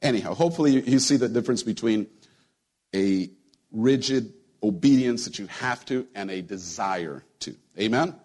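A man preaching a sermon to his church in a relaxed, conversational way, joking with the congregation and often repeating his words. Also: on the low side, normal speed. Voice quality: husky. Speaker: pastor. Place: church sanctuary.

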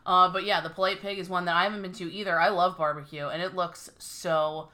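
A woman's voice: lowish voice, fairly even intonation, brisk, bright, forceful tone. A woman co-hosting a podcast in casual chat, emphatic and opinionated, laughing often. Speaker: podcast co-host.

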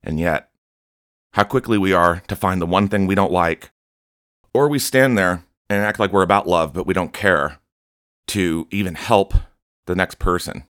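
A man's voice: low voice, normal speed, fairly bright tone, clean tone, no room sound, studio quality. A man hosting his own podcast, delivering an impassioned, admonishing preaching monologue with open anger. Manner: fervent, admonishing, openly angry. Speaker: podcast host.

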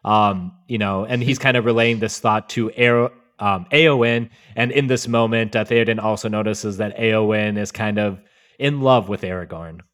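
A man hosting a podcast in casual chat, relaxed and measured with wry asides. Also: fairly low pitch. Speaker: podcast host.

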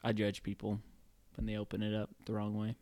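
A man's voice: on the low side, completely flat delivery, fairly quick, dark tone, no echo. A man co-hosting a casual movie chat, rambling and playful, with lots of fillers. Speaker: podcast co-host.

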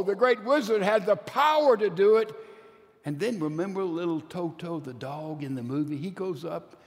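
A man preaching a sermon, telling a story with emphasis and drawing out key words slowly. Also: on the high side, a little mellow. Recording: long reverb of a large hall.

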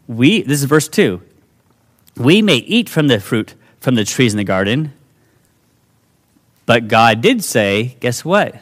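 A male pastor giving a sermon with a lively, swinging pitch. He talks casually to his congregation and breaks into high, whiny voices to act out the dialogue.

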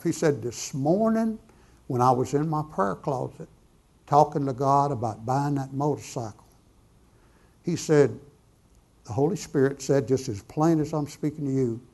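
A man's voice: medium pitch, normal speed, creaky, darkish tone. A middle-aged man, preaching a testimony as a folksy, conversational story, acting out both sides of the dialogue. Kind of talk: sermon storytelling.

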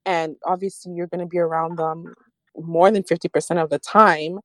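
A woman host with a lowish voice, recorded dry and close. She speaks in an affirming, measured manner, building up to reflective questions for her guest. Her delivery is steady and considered. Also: dry recording. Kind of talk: interview podcast.

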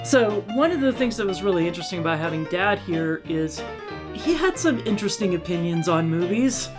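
A woman's voice: fairly low pitch, animated, brisk, loud music behind the voice. A woman, hosting a podcast in casual chat and laughing often. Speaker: podcast host.

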